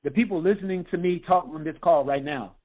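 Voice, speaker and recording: High-voiced man on a tinny phone line. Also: fairly quick. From United States. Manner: energetic, repeats "okay?" often. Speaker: health coach. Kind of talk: motivational talk on a group call.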